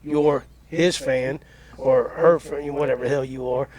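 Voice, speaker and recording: A man's voice: mid-range voice, steady tone, unhurried, a little mellow. A man hosting a podcast, telling a long story in a rambling, folksy way. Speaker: podcast host. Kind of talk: casual chat, anecdote telling.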